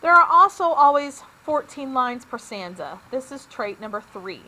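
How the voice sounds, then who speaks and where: A woman's voice: high voice, very animated, normal speed, pushed and bright, rough recording. A woman teacher giving a recorded lesson, upbeat and explaining each step plainly.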